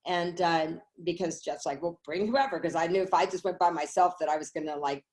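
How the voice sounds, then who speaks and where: A middle-aged woman telling a personal story on a call, animated, acting out what others said. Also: fairly low pitch, brisk. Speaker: network marketing speaker.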